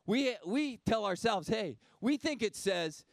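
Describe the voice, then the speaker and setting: A male pastor preaching a sermon in a direct, conversational way, repeating key phrases and dropping low and slow for solemn moments. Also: animated, gravelly, no room sound.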